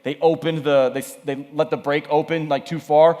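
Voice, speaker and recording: A man preaching at a youth camp, energetic and conversational, often repeating himself. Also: a little high, normal speed. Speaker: camp speaker. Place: camp meeting hall. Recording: echoey hall.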